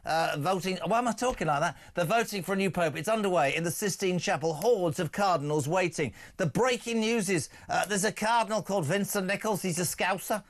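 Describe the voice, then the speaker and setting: Brash high-voiced male radio host. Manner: brash, jokey, fast-shifting. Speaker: radio talk show host. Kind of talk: live talk radio presenting.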